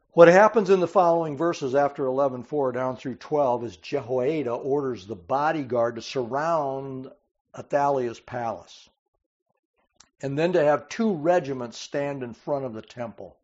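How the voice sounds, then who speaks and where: A man's voice: mid-range voice, unhurried, dull audio. A man preaching a sermon, reading scripture aloud and explaining it with dramatic emphasis. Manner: dramatic, rising emphasis on quoted cries.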